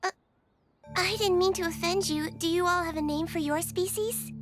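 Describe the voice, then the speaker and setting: A woman's voice: very high-pitched, moderate pace, music in the background. A woman voicing a polite, earnest young witch heroine in an anime dub.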